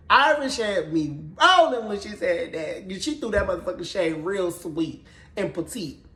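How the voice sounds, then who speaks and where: A man recapping a TV show episode in casual, gossipy chat, sassy and profane, with animated storytelling. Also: sits high, measured pace. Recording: roomy echoey room.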